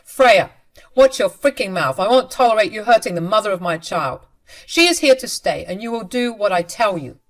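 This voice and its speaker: Woman reading as a bossy angry husband, loud and commanding, fairly low voice. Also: animated, normal speed. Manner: harsh and commanding. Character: angry controlling husband, adult man.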